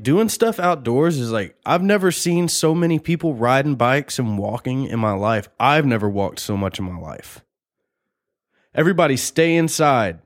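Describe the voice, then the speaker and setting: A man's voice: mid-range voice, dry recording, studio quality. A young man hosting a podcast, rambling and joking in a casual, profane monologue. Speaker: podcast host.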